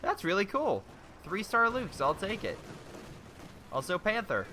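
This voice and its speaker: Young male commentator, excitable and chatty over game replays, bright ringing tone, faint hiss behind. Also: high voice, unhurried. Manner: excitable, exclaiming, rambling with restarts.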